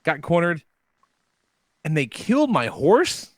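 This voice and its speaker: A man co-hosting a podcast, telling a game story in casual chat, animated and profane, acting out voices. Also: a little high, slow pace, no room sound, clean studio sound. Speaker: podcast co-host.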